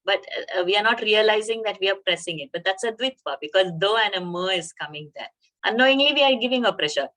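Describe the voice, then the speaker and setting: A woman leads a chanting class over a video call. Her voice is bright and clear, and she breaks each word down patiently before chanting it slowly. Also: medium pitch, lively intonation. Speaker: chanting teacher.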